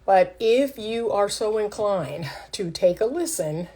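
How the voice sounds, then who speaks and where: A woman's voice: mid-range voice, expressive, takes it slowly, few pauses, warm tone. A middle-aged woman coaching on relationships in a casual livestream, speaking directly and like a teacher to her viewers. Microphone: phone livestream.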